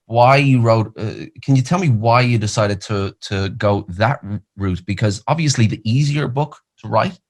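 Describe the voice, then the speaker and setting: A man hosting a podcast interview, asking halting questions with repeated words and encouraging his guest. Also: lowish voice. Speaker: podcast host.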